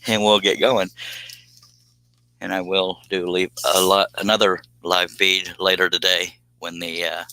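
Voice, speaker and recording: A middle-aged man, speaking low and with a bright edge. He rambles in a folksy way through a casual live-stream chat. The sound is dry and close. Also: no room sound, low-quality recording. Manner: rambling, folksy, laughs often.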